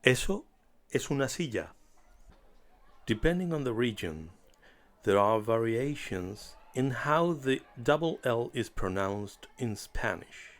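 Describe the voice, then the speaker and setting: Slow, deliberate male language teacher. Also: mid-range voice, very animated. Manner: deliberate, clearly enunciated teaching delivery. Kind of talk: slow scripted language lesson.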